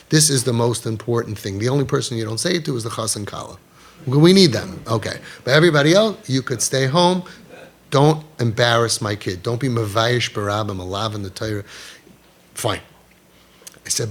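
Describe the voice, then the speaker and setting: A man giving a passionate talk as a parenting crisis coach, animated and emphatic, mixing in Yiddish and Hebrew terms. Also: medium pitch.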